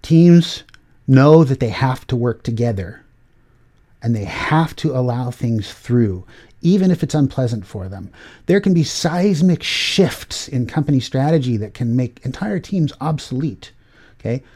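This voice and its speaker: A man's voice: mid-range voice, expressive, measured pace, warm tone. Rambling middle-aged man hosting a tech show. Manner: rambling, many fillers and restarts, acts out quoted voices. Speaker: podcast host. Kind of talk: casual tech commentary.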